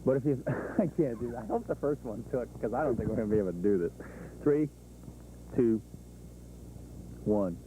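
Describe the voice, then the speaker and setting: A man's voice: mid-range voice, animated, normal speed, pauses often, mellow. Giggly male reporter counting down takes. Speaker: TV news reporter. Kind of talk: on-camera stand-up outtakes. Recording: noisy 1980s field tape.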